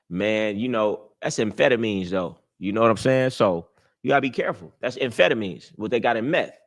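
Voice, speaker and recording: A man's voice: lowish voice, brisk. A young man hosting a live stream, giving casual dating advice in a brash, boastful, profane street-talk manner. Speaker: livestream host.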